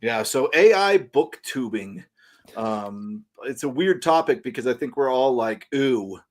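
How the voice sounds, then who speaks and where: A man's voice: mid-range voice, animated, unhurried. A man hosting a casual online chat about books, joking and rambling. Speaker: podcast host.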